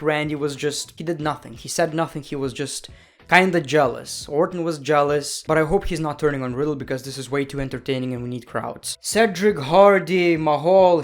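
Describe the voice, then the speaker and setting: A man talks through his review of a wrestling show in a loose, chatty way. His voice sits a little high for a man, and he fills the gaps with "you know" and "uh" and often corrects himself. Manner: chatty, opinionated, with frequent fillers and self-corrections. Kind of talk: casual review commentary.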